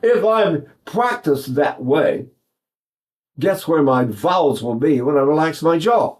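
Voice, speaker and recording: Slow with lively intonation, a man's slightly high voice guides a singing lesson featuring sung demonstrations. He's an older East Texan whose folksy teaching rambles and restarts many times.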